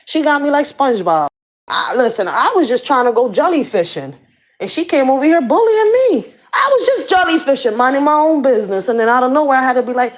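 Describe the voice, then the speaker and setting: A woman's voice: fairly high pitch, very animated, moderate pace. A woman vlogging as a community activist, ranting to the camera in blunt, profane slang. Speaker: community activist and channel host. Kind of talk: casual rant to camera.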